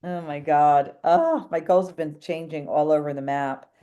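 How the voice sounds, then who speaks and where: A woman, a New England real estate agent, chats through a long story as a podcast guest, leaping between thoughts and acting out dialogue in animated fashion. Her warm voice sits low, steady in tone at normal speed, and the audio is dull.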